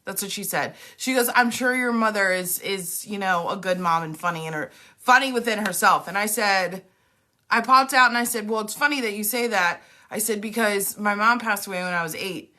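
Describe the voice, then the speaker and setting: A woman's voice: mid-range voice, moderate pace, sharp tone. A woman co-hosting a casual chat, telling a story full of "like" and acted-out quotes. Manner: chatty, many fillers like "like", acts out quotes. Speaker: podcast co-host, medium.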